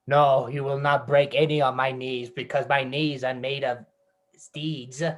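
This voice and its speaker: A man's voice: medium pitch, little pitch movement, a little slow, lightly acted. A man improvising a brash, defiant stranger with boastful comebacks. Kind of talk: improv comedy.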